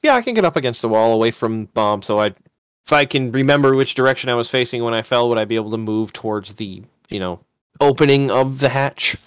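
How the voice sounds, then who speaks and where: Man, tabletop player, mid pitch, dry sound; jokey, rule-explaining. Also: brisk, smooth, no echo. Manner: joking, explains rules to the group. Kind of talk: casual tabletop play chat.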